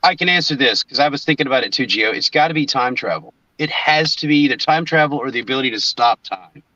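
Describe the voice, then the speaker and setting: A man's voice: mid-range voice, expressive, quick pace, bright, forceful tone, dry recording. A man in casual chat, musing aloud and swearing casually. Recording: dull, lo-fi mic.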